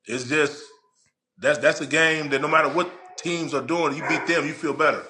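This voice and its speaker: Man, forties, bright voice, animated, profane, emphatic storyteller, casual podcast chat. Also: fairly high pitch, normal speed. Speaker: podcast guest, former player and coach.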